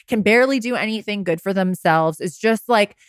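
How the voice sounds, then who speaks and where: A woman's voice: medium pitch, fairly quick, dry recording, studio quality. A woman podcast host coaching listeners through heartbreak in a casual, candid monologue, swearing now and then and laughing at herself.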